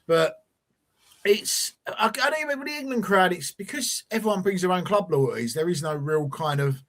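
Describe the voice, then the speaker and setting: A man's voice: sits high, lively intonation, normal speed. A man hosting a casual football fan podcast, rambling and teasing his co-host.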